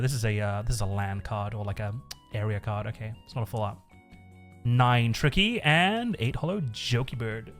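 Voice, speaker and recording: A man streaming live, chatting casually in a rambling way, swearing a lot and laughing often. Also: medium pitch.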